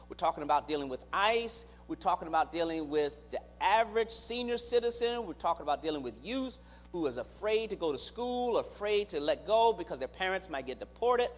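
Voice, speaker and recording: A man, a clinician, giving a teaching to a church congregation, speaking to the listeners directly and asking them to repeat words back to him. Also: high voice. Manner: engages the audience directly, acts out quoted voices. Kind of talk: church teaching with call-and-response. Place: church sanctuary. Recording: reverberant church hall on a live stream.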